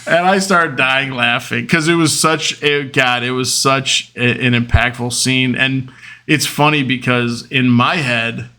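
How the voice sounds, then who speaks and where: A man's voice: medium pitch, bright, forceful tone. A man in his thirties hosting a podcast, telling personal stories in a rambling, openly emotional way, with lots of fillers and restarts. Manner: open and emotional. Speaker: podcast host. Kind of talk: casual personal monologue.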